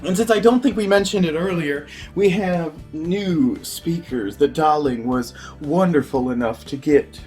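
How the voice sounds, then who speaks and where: Casting: young woman, low voice, teasing, laughing vlog co-host. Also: unhurried, few pauses, darkish tone, soft background music. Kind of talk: casual home vlog chat.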